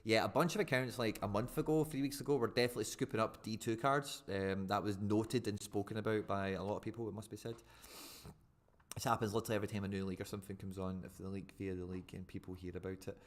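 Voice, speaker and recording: A man chatting casually and excitably on a live stream, rambling with fillers as he answers viewers. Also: on the low side, fast.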